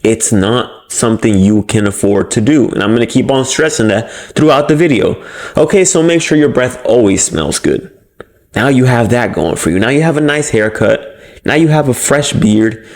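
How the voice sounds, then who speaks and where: Young guy giving blunt self-help pep talk, swears a lot, normal mid voice. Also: medium pitch. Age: young adult. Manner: blunt, swearing, animated coaching. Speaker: self-improvement host. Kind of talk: casual motivational monologue.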